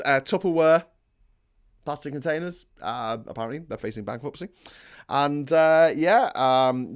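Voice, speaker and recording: A man hosts a casual live stream, working through the day's news and viewers' comments. He talks in a rambling, sardonic way and often drifts into rants. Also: medium pitch.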